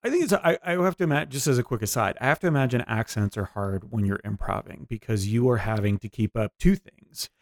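A man co-hosting a podcast, chatting casually and making quick joking asides. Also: mid-range voice. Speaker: podcast co-host. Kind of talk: casual chat.

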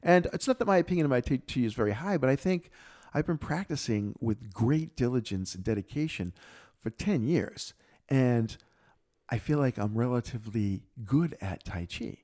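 A middle-aged man co-hosting a podcast, telling a personal story in a casual, reflective way and lively when quoting others. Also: medium pitch, normal speed. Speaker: podcast co-host.

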